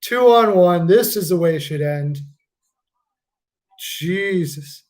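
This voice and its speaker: A man's voice: sits high, animated, takes it slowly, darkish tone. A man hosting a live stream, reacting casually to a hockey game. He jokes, laughs a lot and swears freely.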